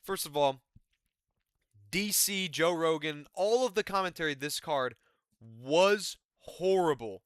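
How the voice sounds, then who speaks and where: A man's voice: fairly high pitch, lively intonation, takes it slowly, smooth, no echo, clean studio sound. A man giving a rambling, profane, exasperated casual recap of a fight card. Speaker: MMA commentary YouTuber.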